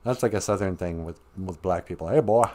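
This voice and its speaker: A man's voice: low voice, brisk, darkish tone. A man from northern Minnesota hosting a live stream, teaching words and joking playfully as he goes. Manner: playful, joking, laughs often. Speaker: language and culture teacher, host.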